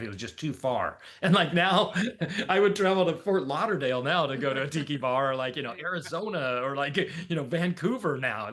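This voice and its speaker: A man's voice: mid-range voice, a bit bright. A man telling a long story as a podcast guest, casual and rambling, with lots of fillers and laughs.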